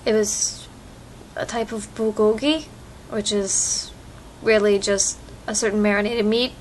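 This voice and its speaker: A woman's voice: medium pitch, little pitch movement, a little slow, a little hiss or hum, poor audio. A young woman chatting casually in a home vlog, rambling easily while her allergies act up. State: allergies, itchy eyes. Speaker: vlogger. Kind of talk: casual chat. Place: home with a cat. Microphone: phone camera.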